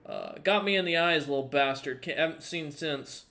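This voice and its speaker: A man voicing a blind old human bounty hunter turned shopkeeper, talking in a high, squawking, panicky way. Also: lively intonation, normal speed, gravelly, bright, forceful tone, heavily acted. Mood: wary.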